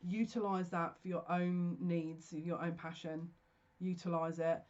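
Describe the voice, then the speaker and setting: A speaker giving a solo psychic reading, talking slowly and haltingly as if receiving messages. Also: mid-range voice, level tone, a little mellow, muffled recording. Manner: slow, searching, stop-start channeling talk. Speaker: psychic tarot reader. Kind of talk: solo general reading to camera.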